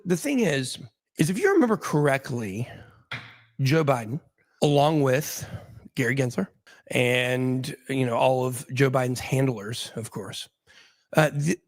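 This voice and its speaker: A man hosting a casual talk show, speculating in a rambling way with many restarts and fillers. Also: a little high. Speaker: host.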